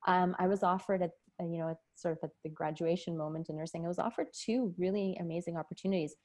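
Candid low-voiced woman telling her story. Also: fairly even intonation, fast talker, mellow. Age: 40s. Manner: candid, emotional, laughs often. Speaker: podcast guest, nurse. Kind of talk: casual interview storytelling.

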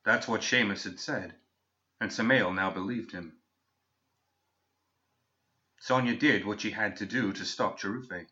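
A man reading a fantasy story aloud in a measured, steady way, as scripted narration on a dull lo-fi recording. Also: lowish voice.

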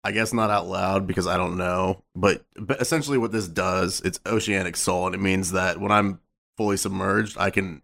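A man's voice: sits low, fairly even intonation, normal speed, creaky, a bit bright. A man playing in a tabletop game, talking in a loose, rambling way. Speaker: player. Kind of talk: casual tabletop chat.

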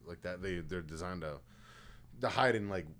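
A man's voice: deep voice, normal speed, a bit bright. A man hosting a casual podcast, telling rambling, profane stories. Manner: profane, rambling storytelling with laughs. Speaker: podcast host. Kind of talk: casual chat.

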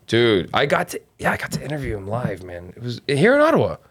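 A male stand-up comic talking loosely on a podcast. His voice sits at an ordinary pitch. He swears freely and keeps tacking "man" onto his sentences. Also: huge pitch swings, fast, fairly bright tone, breathy edge. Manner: laid-back, swears often, peppers speech with "man" and "dude". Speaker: stand-up comedian. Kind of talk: casual podcast chat.

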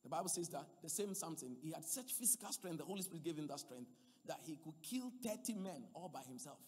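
A man preaching a sermon, swinging between loud emphatic passages and quiet asides. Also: a little high, animated, fast, breathy edge, long reverb tail.

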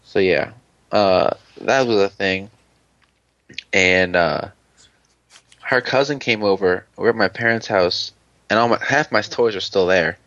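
Rambling low-voiced young man. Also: a little slow, pauses often, a bit bright, no echo, lo-fi sound. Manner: rambling, swears a lot, imitates people in high voices. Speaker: podcast co-host. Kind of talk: casual chat.

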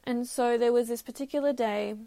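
A woman's voice: on the high side, fairly even intonation, a little fast, mellow. A woman hosting a podcast, telling a personal story candidly and reflectively, sometimes laughing at herself. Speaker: podcast host.

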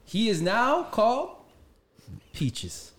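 A loud, teasing man co-hosting a casual podcast, heavy on slang. His voice sits high for a man. The sound is roomy, with a clear hiss in the background. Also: sing-song, a little fast. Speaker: podcast co-host. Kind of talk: casual chat.

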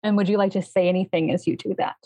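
A woman's voice: mid-range voice, steady tone, fast, warm tone. A woman running a tabletop role-playing game, narrating descriptively with many fillers. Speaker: game master.

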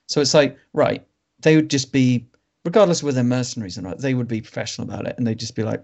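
A man's voice: medium pitch, quick pace, gravelly, a little mellow. A man co-hosting a film podcast, chatting casually and wryly about a bad movie. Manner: wry, rambling, laughs at bad films. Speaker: podcast co-host. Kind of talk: casual film review chat. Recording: dull lo-fi sound.

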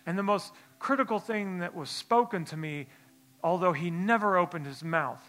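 A man preaching a sermon in church, telling a personal story in a hushed, halting voice, then building into a forceful exhortation. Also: high-pitched. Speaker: pastor. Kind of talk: sermon testimony.

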